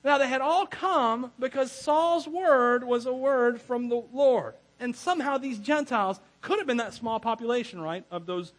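A man preaching a sermon as pastor, animated, laughing often and breaking into chatty asides. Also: extremely high pitch, moderate pace, few pauses, rough recording.

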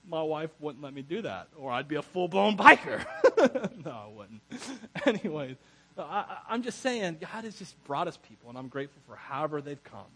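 A man preaching a sermon as pastor, animated, laughing often and breaking into chatty asides. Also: fairly high pitch, brisk, low-quality recording.

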